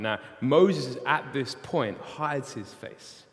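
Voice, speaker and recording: A young man preaching a sermon in a casual, animated storytelling way. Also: medium pitch, slow, hardly any pauses. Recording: long hall reverb.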